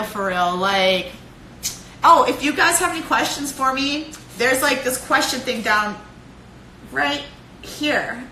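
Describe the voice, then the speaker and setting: A young woman with a Cleveland accent talks straight into her phone on a live stream, swearing freely and laughing often. Her voice is bright and clear, and the room around her echoes. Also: a little high, a little hiss or hum. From Cleveland, Ohio. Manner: profane, animated, laughs often. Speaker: fighter streaming live to followers. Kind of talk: casual live-stream pep talk.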